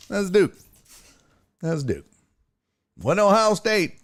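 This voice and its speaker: A man's voice: mid-range voice, lively intonation, measured pace. A man hosting a live-streamed sports talk show, chatting loosely with viewers, joking and swearing. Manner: loose, profane, joking banter with chat.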